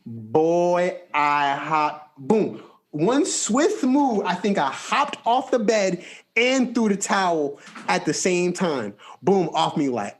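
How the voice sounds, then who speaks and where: A young man hosting a podcast, telling a story in a casual, animated, slangy way. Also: takes it slowly. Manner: animated, slangy storytelling with big pitch jumps. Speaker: podcast host.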